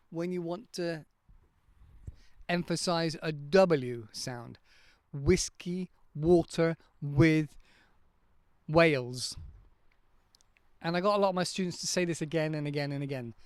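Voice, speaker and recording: A man's voice: on the high side, moderate pace, clear, resonant tone, no room sound. A man, hosting a casual podcast as an English teacher, patiently explaining pronunciation and demonstrating sounds word by word into a handheld mic. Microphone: handheld microphone.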